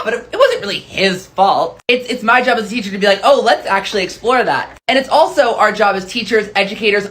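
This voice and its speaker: Earnest woman teacher. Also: mid-range voice. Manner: earnest, quotes herself and the student in lively asides. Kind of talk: reaction commentary with retold classroom story.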